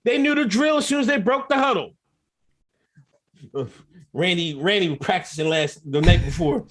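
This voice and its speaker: A man's voice: high-pitched, lively intonation, moderate pace. A man co-hosting a podcast, ranting and mocking in casual, profane commentary. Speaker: podcast co-host.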